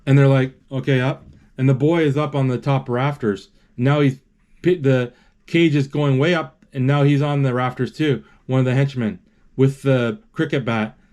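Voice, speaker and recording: Guy narrating a movie as it plays, lots of stops and restarts, gets excited. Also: mid-range voice. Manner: halting, self-correcting, excited exclamations.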